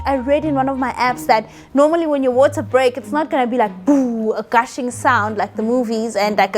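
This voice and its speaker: A young South African woman telling a personal story in a chatty, animated way and acting out the voices she quotes. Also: high-pitched. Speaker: vlogger. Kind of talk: casual storytelling.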